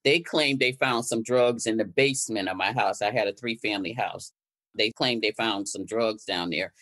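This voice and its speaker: An older activist from Connecticut, appearing as a guest, recounts her story in conversation and acts out the exchanges she quotes. Her voice is very deep and a bit bright, at a normal speed.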